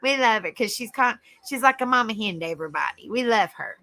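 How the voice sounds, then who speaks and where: A woman's voice: on the high side, animated, fast talker, sharp tone. A middle-aged woman with a Southern US accent, casually chatting as a livestream host, reading out viewer comments and laughing often. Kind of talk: casual chat.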